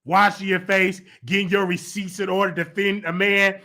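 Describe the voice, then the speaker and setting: A man's voice: sits high, level tone, moderate pace, sharp tone. A man hosting a gossip commentary show, talking in a mocking, heated and sarcastic way. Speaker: host.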